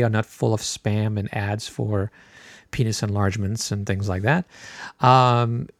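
A middle-aged man hosting a podcast, telling a personal story in a relaxed, chatty way with many filler words. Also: medium pitch, dry recording. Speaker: podcast host.

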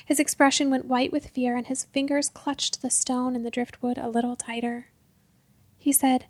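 A woman reads a storybook tale aloud in the first person, measured and dropping to a near whisper at its tensest points. Her voice sits high, and the recording is close and dry. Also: little pitch movement, no echo. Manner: measured, hushed at tense moments. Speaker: narrator. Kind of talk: storybook narration.

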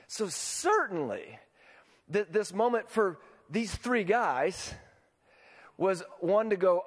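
A man's voice: high-pitched, big pitch swings, takes it slowly, husky, big-room sound. A man preaching a sermon as pastor, talking casually and often checking in with his listeners by asking them questions. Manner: conversational, asks the congregation questions.

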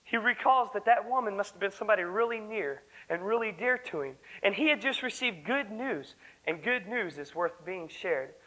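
A young man preaches with earnest fervor at a church service. His voice sits high and sounds bright and ringing. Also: expressive, normal speed, few pauses, rough recording. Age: young adult. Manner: earnest, fervent preaching, breaks into song. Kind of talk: sermon.

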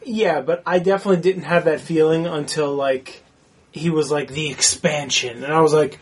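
A man's voice: on the high side, fast, slightly rough, recorded from a distance. A man in casual movie talk who swears a lot and acts out his own reactions.

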